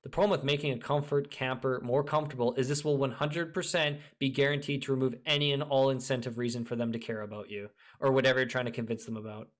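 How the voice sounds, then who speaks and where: A man's voice: medium pitch, steady tone, quick pace, few pauses. Profane, scornful man ranting. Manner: profane, scornful, emphatic, frequent laughter. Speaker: video creator. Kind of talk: ranting monologue.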